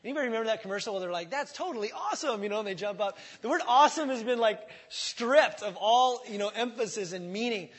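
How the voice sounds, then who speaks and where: A man's voice: high-pitched, fast, hardly any pauses, fairly bright tone. A man in his forties preaching a sermon as pastor, conversational and earnest, with frequent fillers and self-corrections. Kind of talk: sermon, verse-by-verse Bible teaching. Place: church sanctuary.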